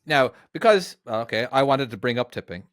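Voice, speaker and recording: A man's voice: mid-range voice, animated, moderate pace, no room sound, studio quality. A man co-hosting a trucking podcast, talking in an easygoing, chatty way with lots of fillers. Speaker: podcast co-host, truck driver. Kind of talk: casual podcast chat.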